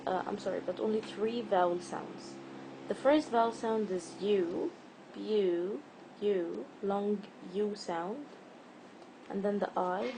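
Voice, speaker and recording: A woman's voice: medium pitch, noisy background. A woman teaching a spelling and pronunciation lesson, patiently repeating words and stretching the stressed syllables.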